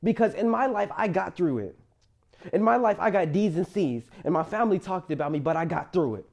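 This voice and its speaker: A man's voice: high-pitched, animated, brisk, gravelly, darkish tone. A young man in college tells his own life story to camera in an earnest, emphatic, motivational way. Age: young adult.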